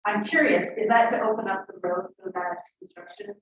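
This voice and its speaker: A woman's voice: medium pitch, lively intonation, fairly quick. A woman resident making an earnest, emotional public comment to a town council. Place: council chamber. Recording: echoey chamber, distant mic, muffled, faint hiss.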